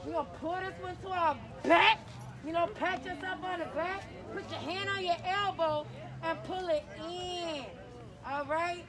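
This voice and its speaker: A woman's voice: very high-pitched, a little slow. A woman leading a crowd through stretches at an outdoor rally, joking and chatty as she calls out moves. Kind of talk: playful outdoor crowd instruction.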